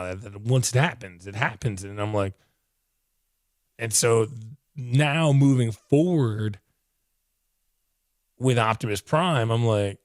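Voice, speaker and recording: An out-of-breath man whose voice is fading, reviewing a comic book in an excited, rambling way full of "like". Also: on the low side, slow pace, long pauses, no echo, clean studio sound. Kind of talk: casual video review.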